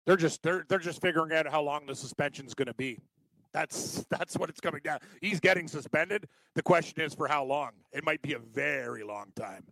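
A man's voice: fairly high pitch, normal speed, gravelly, a bit bright, dry recording, poor audio. Sports podcast guy, emphatic, repeats himself, dry sound. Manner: emphatic, repetitive, agreeing. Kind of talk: casual sports talk.

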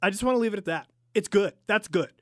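A man's voice: high-pitched, fast, no echo. A man co-hosting a casual hockey podcast, teasing and joking with his co-host over a studio mic.

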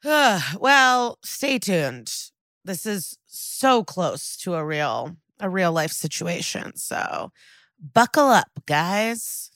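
A woman's voice: fairly low pitch, very animated, takes it slowly, fairly bright tone, no echo, studio quality. A woman co-hosting a podcast, chatting casually and joking as she wraps up. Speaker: podcast co-host. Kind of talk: casual chat.

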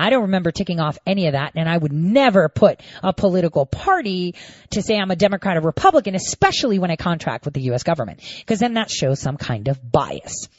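A woman telling viewers a story in a casual monologue, indignant and animated, acting out both sides of each exchange. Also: fairly low pitch, no echo, dull audio. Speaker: storyteller recounting a voting dispute.

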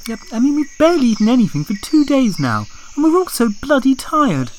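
A man's voice: extremely high pitch, huge pitch swings, a little fast, a little hiss or hum, exaggerated voice, rough recording. A man voicing a weary, fed-up woman politician stranded on an island, complaining and swearing.

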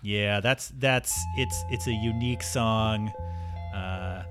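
A man's voice: fairly low pitch, takes it slowly. A man co-hosting a podcast, talking casually about music with frequent ums and restarts. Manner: hesitant, many ums and restarts. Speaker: podcast co-host. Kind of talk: casual chat.

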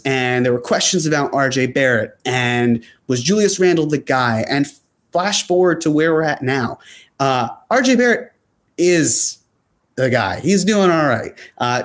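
Chatty man hosting a sports talk show. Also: fairly high pitch. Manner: chatty, loose, many fillers and restarts. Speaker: sports show host reading viewer comments. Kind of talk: casual chat.

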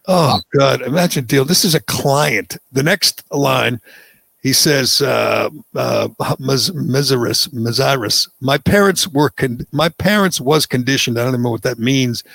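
A man's voice: mid-range voice, a little slow, vocal fry, fairly bright tone, dry recording. A man hosting a political talk show, delivering mocking, scornful commentary.

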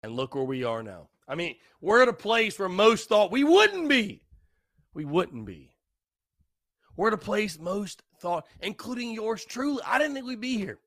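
Brief: young guy, tipsy podcast host, lively up-and-down pitch, rambling repeats, dry close sound. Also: moderate pace, no echo. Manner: rambling, repetitive, loose and tipsy. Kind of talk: casual solo podcast talk.

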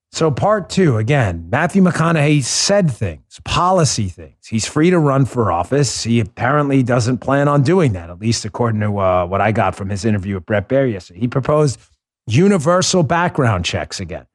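A man's voice: mid-range voice, sing-song, moderate pace. A man hosting a political talk show, speaking in an impassioned, emphatic way and repeating words for stress. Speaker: podcast host.

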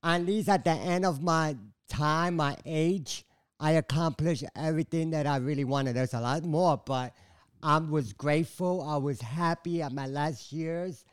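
An older man with a Puerto Rican accent chats casually, rambling through stories in a sing-song way. His voice sits a little high, and the recording is close and dry. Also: a little slow, smooth, no echo. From Puerto Rico. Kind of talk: casual chat.

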